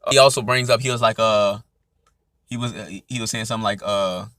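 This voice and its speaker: A man's voice: on the low side, fairly even intonation, brisk, pushed and bright, no echo, clean studio sound. A young man with an Atlanta accent, hosting his own podcast and talking through his opinions in a loose, casual way, often tagging on "you know what I'm saying.". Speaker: podcast host. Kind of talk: casual solo commentary.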